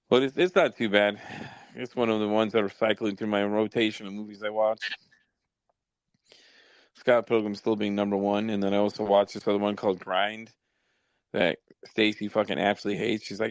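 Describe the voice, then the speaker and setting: A man's voice: on the low side, level tone, quick pace, dry recording. A man hosting a podcast, telling stories in profane, rambling casual chat. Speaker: podcast host.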